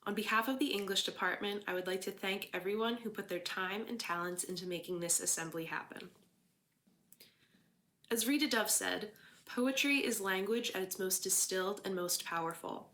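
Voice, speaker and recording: Welcoming a school assembly in a formal, measured manner, this English teacher, who has a Philadelphia accent, also recites a poem. She speaks in a mid-range voice with a sharp tone.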